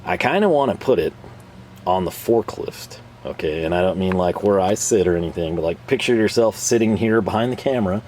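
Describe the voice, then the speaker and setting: A tool reviewer and channel host from North America rambles casually through his reviews, making fun of himself and chuckling a lot. He speaks fairly quickly in a deep, slightly mellow voice with lively intonation, over slight background noise.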